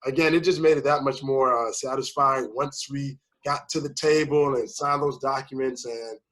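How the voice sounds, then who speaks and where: A man's voice: mid-range voice, steady tone, moderate pace, fairly bright tone, poor audio. A man talking casually as a first-time home buyer guest, rambling through his story and acting out the people he quotes. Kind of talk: casual conversation.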